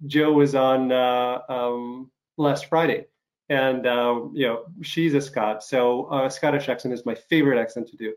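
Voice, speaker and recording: A man hosting an interview show, recovering from an illness and coughing now and then, speaking haltingly with many fillers and restarts. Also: medium pitch, fairly even intonation. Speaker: talk show host. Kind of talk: casual interview chat.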